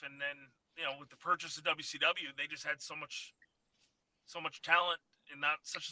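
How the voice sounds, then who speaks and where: A man as a guest on a casual podcast, recounting his career in a low-key, reflective way. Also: pushed and bright, dry recording, low-quality recording. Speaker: podcast guest, former wrestler, author. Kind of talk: casual interview chat.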